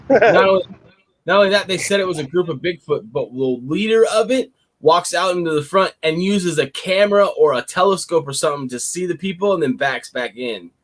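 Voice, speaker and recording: A man telling a wild story in casual chat, animated and profane, getting excited as he tells it. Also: fairly high pitch, fairly quick, hardly any pauses.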